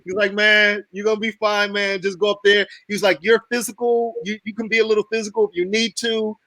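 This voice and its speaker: A man from the United States hosting a casual video call chat, telling animated stories with swearing and frequent laughs. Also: sits high, brisk, creaky, dry recording, poor audio. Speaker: host.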